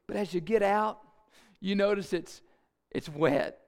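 A man preaching a sermon in an animated, playful storytelling way with asides. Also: sits high, normal speed, clear, resonant tone. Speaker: pastor.

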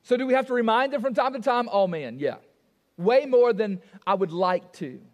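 A man's voice: sits high, animated, moderate pace, long reverb tail. A male pastor preaching a sermon. He is emphatic, repeats key phrases and asks the congregation rhetorical questions.

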